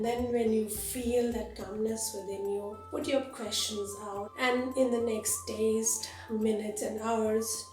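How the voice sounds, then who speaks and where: Earnest woman, roomy distant sound. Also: fairly high pitch. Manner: earnest, gently emotional storytelling. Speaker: yoga teacher and channel host. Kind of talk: spiritual talk to camera.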